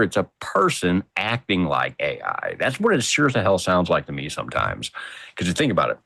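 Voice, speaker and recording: Deep-voiced man talking animatedly. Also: vocal fry, a bit bright, no echo. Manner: emphatic, thinks aloud. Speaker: podcast guest. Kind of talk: casual chat.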